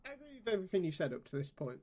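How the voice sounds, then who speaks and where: High-pitched, quick-talking male co-host. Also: sing-song, dark tone. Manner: quick, argumentative, cuts in. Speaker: podcast co-host. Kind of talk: casual chat.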